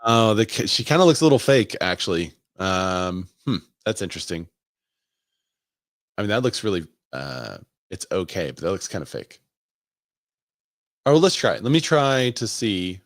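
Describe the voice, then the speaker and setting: This man's low voice comes through in studio-quality audio with no echo. He works in real estate and is running a laid-back live stream, musing aloud and inviting viewers' opinions.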